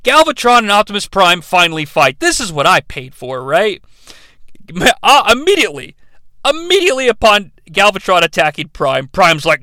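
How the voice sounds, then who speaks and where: A man's voice: sits high, sing-song, moderate pace, pushed and bright, dry recording. A man reviewing a movie in a sarcastic, profane, rambling comedic rant.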